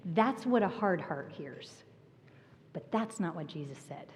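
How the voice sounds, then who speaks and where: A woman pastor preaching a sermon, telling a personal story with animated energy and laughter. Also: on the low side, measured pace, slight background noise. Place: church sanctuary. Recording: long reverb of a church hall.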